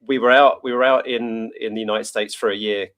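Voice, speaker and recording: A man's voice: on the low side, steady tone, fairly quick, a bit bright. A man from the United Kingdom hosting an interview, chatty and rambling, often laughing and correcting himself. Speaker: podcast host. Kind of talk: conversational interview.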